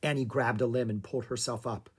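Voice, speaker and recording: An audiobook reader narrating a children's book in a calm, even storytelling manner. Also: medium pitch, quick pace, breathy edge.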